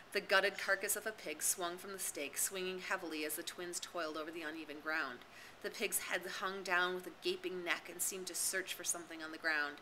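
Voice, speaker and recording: A woman narrates a novel in audiobook style, giving the story dramatic expression. Her voice sits a little low but rings very bright, over faint background noise. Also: low-quality recording. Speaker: reader and tutor.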